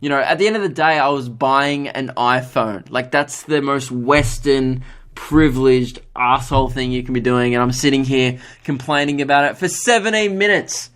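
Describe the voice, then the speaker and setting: A young man hosting a solo podcast. He tells a story in a casual, self-mocking way, swears freely and jumps up in pitch to mimic the people he quotes. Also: normal speed. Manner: animated, jumps into higher voices to mimic others. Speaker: podcast host.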